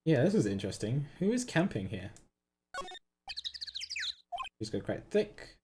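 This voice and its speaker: Low-voiced woman streamer playing a game. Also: very animated, a little fast, background noise. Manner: reads game dialogue aloud, giggly asides. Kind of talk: casual let's-play commentary. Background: game music.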